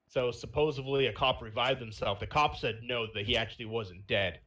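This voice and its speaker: A man's voice: medium pitch, a little fast, few pauses, sharp tone. A young man hosting a podcast, casually telling a rambling story with lots of fillers. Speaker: podcast host. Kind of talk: casual chat.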